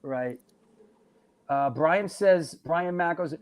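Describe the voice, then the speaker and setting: A middle-aged man with a fairly high voice hosts a casual chat at normal speed. He rambles, repeats words, and restarts his sentences often.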